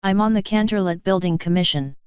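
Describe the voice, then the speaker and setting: A woman's voice: medium pitch, a little fast, a little mellow, clear, resonant tone, no echo, dull audio, close to an everyday voice. A woman reading the part of a haughty, self-important stallion noble who makes demands. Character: pompous haughty stallion noble, male adult.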